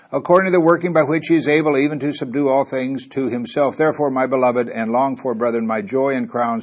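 Husky middle-aged guy from missouri preaching a bible study, reads verses out loud and throws questions at the room. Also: medium pitch. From Missouri, USA. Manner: reads scripture aloud with rising emphasis, asks the room questions. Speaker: pastor.

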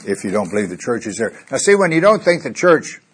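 A man's voice: medium pitch, very animated, quick pace, husky. A middle-aged man from Missouri, a pastor teaching a Bible study, reading verses aloud with rising emphasis and asking the room questions. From Missouri, USA.

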